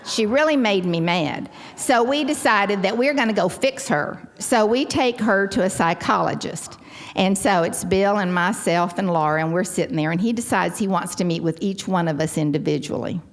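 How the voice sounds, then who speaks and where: A Texan woman in her sixties telling her personal story at a convention with wry, self-deprecating humor and sudden lively leaps in pitch. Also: moderate pace. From Texas. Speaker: convention speaker sharing her recovery story.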